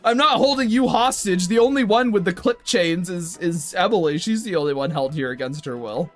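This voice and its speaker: A high-pitched young man hosting a stream, bantering with his chat. He is playful and mock-indignant. Faint music plays behind him. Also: brisk. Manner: animated, playful, mock-indignant with frequent laughs. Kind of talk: casual chat with stream viewers.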